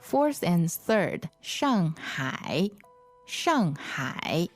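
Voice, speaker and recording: A woman co-hosting a language lesson, with a slightly low voice. She speaks very slowly and patiently, repeating each phrase twice, while soft music plays behind. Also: very animated. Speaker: language teacher.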